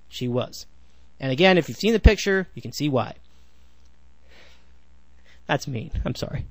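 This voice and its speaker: A man's voice: on the high side, no echo. A man in his twenties hosting a solo sports podcast, rambling with sarcastic asides and frequent self-corrections. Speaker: podcast host.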